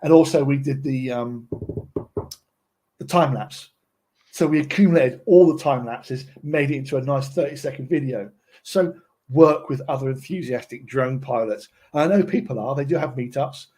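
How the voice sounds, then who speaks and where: A man's voice: mid-range voice, moderate pace, warm tone, breathy edge. A man presenting a casual tutorial, chatty and often checking in with his listeners.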